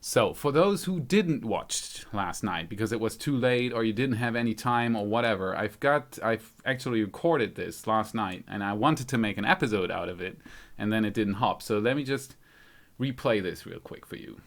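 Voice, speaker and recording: A YouTube channel host from Germany, speaking with a light German accent, runs a casual live stream in a lowish voice with lively intonation at normal speed. He thinks aloud while fiddling with settings and reading out viewers' comments.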